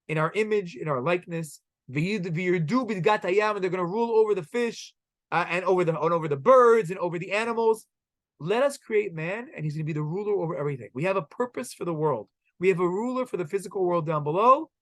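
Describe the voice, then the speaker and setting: A male teacher leads a Torah lesson in a classroom, throwing questions at his students. His voice sits high for a man and comes across close and dry. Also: no room sound. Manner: animated, asks the class rhetorical questions.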